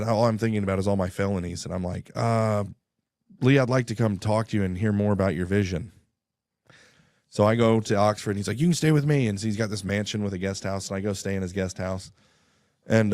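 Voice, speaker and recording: A man's voice: low-pitched, a little mellow, dry recording, studio quality. A man, a radio guest, telling a story in casual talk and acting out both sides of phone calls.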